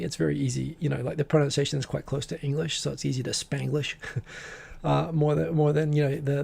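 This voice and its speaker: Gravelly man hosting a casual live stream. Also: on the high side, a little mellow. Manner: rambling, reads viewer names aloud.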